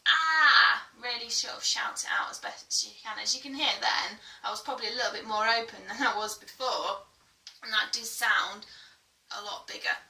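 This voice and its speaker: A woman's voice: a little high, normal speed, bright, forceful tone, recorded from a distance. A woman singing teacher giving a chatty vocal tutorial, full of fillers and breaking into belted sung demonstrations. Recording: echoey room, a little off-mic, faint music.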